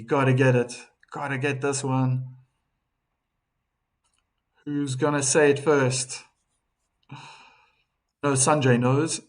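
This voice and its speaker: A man from Africa, hosting a live tennis stream and chatting casually with viewers, reading their comments aloud with frequent restarts. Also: medium pitch. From South Africa.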